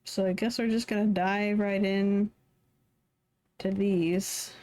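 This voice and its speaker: A woman's voice: medium pitch, little pitch movement, takes it slowly, dark tone. A tired woman streaming live, mumbling to herself as she draws. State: tired, yawning. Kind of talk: casual live-stream commentary while drawing.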